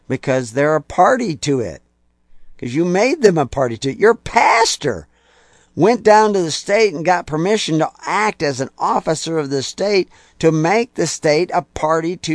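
Impassioned male preacher, lively pitch. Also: no room sound, studio quality. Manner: impassioned, rising to loud emphatic peaks; mocking quoted voices. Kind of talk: sermon.

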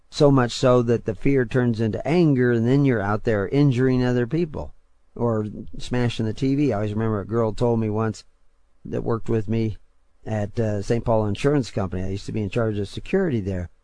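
An older man preaching on his radio show, talking in a rambling, conversational way and building to forceful, emphatic points. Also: medium pitch, no room sound.

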